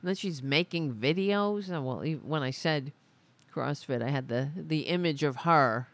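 A woman's voice: deep voice, animated, moderate pace. A woman hosting a casual political livestream, ranting in an angry, profane and sarcastic way. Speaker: host.

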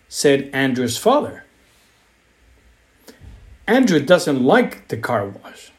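A man reading a children's story aloud in a slow, expressive, sing-song way. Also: medium pitch.

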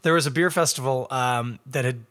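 Guy, casual beer-stream host, mid-pitch, rambling and chatty, tosses in joking asides. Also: moderate pace, fairly bright tone. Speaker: beer reviewer. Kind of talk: casual livestream chat.

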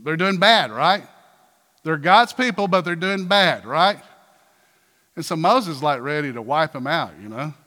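A man preaching a sermon in a church, animated, firing rhetorical questions and acting out quotes. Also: on the high side, unhurried, in a large hall. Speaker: pastor.

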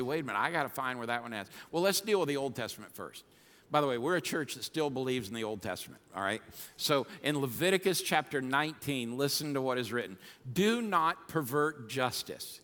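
Fired-up pastor in a big hall. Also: male voice, mid-range voice. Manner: fired-up, swings from soft to shouting. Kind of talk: sermon. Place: church sanctuary. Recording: long hall reverb.

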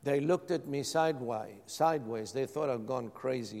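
A man's voice: mid-range voice, normal speed, few pauses, darkish tone. A man preaching a sermon as pastor, calling out questions to his congregation. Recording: long hall reverb.

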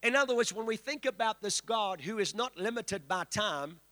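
A man's voice: sits high, expressive, moderate pace, fairly bright tone. A man preaching as a guest in a church, declaiming and calling on the congregation to respond. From South Africa. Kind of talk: sermon. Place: church sanctuary. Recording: reverberant church hall.

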